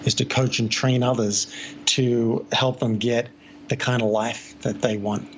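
A man's voice: medium pitch, fairly even intonation, unhurried, slight background noise. Australian man with American-tinged accent, dull lo-fi audio. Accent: Australian mixed with American. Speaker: life coach, guest. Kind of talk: conversational podcast interview.

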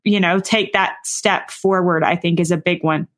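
A woman's voice: lowish voice, fairly even intonation, normal speed. A young adult woman hosting an interview, asking questions in a thoughtful, searching way. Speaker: podcast host.

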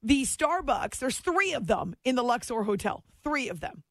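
A late-night sports radio host, a woman, chats her way through a story with plenty of laughs, recorded dry in the station studio. Her voice is a little high and she speaks at a normal speed.

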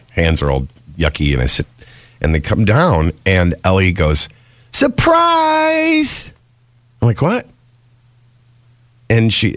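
Animated middle-aged male radio host. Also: dry recording. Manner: animated storytelling, swooping pitch. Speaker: radio morning show host. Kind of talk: casual morning radio banter.

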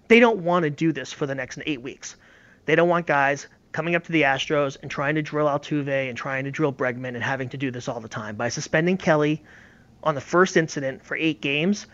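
With a slightly high, fairly bright voice and a brisk pace, this man discusses baseball as an analyst in casual, emphatic, opinionated sports talk. It's captured on slightly dull lo-fi audio.

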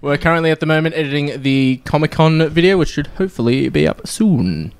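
A man's voice: on the high side, lively intonation, a little fast, clean tone. A man hosting a podcast in casual chat, rambling along and swearing now and then as he runs the show. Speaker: podcast host.

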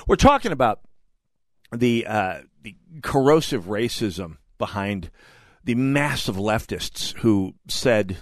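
A man's voice: on the low side, very animated, slow pace, dry recording. A man hosting a talk radio show, giving opinionated commentary with emphatic, sarcastic delivery and indignant outbursts into a studio mic.

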